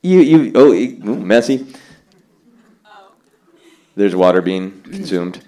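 A man's voice: fairly low pitch, very animated, slow, mellow. A tipsy man hosting a comedy podcast game, loose and teasing, laughing often. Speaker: game show host. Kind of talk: casual comedy podcast banter.

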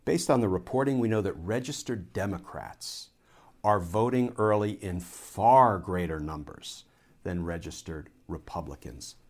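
Low-voiced man making an earnest political case. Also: a little slow, darkish tone. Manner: explanatory, builds an argument step by step; earnest, rhetorical questions. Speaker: political commentator, former Army lawyer. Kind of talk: solo political commentary to camera.

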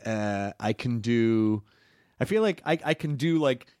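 A man's voice: mid-range voice, lively intonation, unhurried, a little mellow, smooth, no echo, studio quality. A man hosting a podcast, asking playful, teasing questions in casual chat. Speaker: podcast host.

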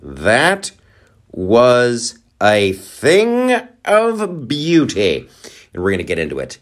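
A man's voice: mid-range voice, wildly swooping pitch, slow. A man hosting a comedy podcast, talking in a rambling, profane, sarcastic monologue with lots of fillers. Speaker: podcast host.

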